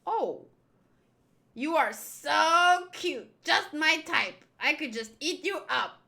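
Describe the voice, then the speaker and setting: A woman's voice: high voice, expressive, slow pace, vocal fry, bright, forceful tone, full character voice. A woman reading a manga aloud, voicing a flamboyant, theatrical man who is gushing, dramatic and over-polite. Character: flamboyant, theatrical male pirate-crew castaway.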